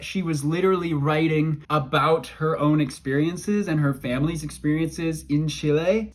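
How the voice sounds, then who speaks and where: A man's voice: on the high side, normal speed. A man casually reviewing the books he read, joking and gushing with over-the-top enthusiasm. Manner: enthusiastic, jokey, hyperbolic. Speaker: book vlogger. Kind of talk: casual book review vlog.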